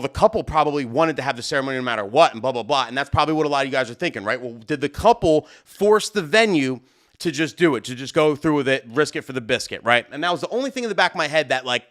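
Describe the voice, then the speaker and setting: A young man hosting a live stream, telling a heated story loudly and acting out both sides of an argument. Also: fairly high pitch. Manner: loud, animated, acts out both sides of the argument. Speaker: host.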